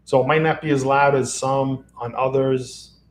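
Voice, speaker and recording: A man's voice: medium pitch, fairly even intonation, moderate pace, slight background noise. Rambling New man livestreaming. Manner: rambling, chuckles often. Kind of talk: casual livestream chat. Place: home room lit by a lamp. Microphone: XLR microphone on a box.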